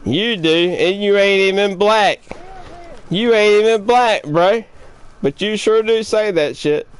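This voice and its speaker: High-voiced man trash-talking online. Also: slow pace, clear, resonant tone. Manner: taunting, profane, confrontational ranting; repeats his jabs over and over. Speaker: live streamer. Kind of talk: trash-talking live-stream chat.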